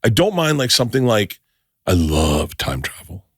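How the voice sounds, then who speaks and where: Middle-aged man, animated profane storyteller. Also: lowish voice, normal speed, husky, dry recording, clean studio sound. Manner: animated storyteller, swears freely, restarts sentences. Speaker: podcast host. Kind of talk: casual chat.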